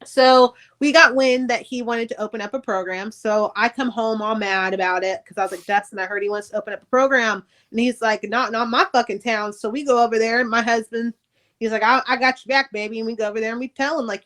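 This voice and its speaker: Middle-aged woman guest, candid storyteller, swears freely, lively retelling, slightly high voice. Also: a little fast. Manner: candid, profane, animated retelling. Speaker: podcast guest, author. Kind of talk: casual storytelling interview.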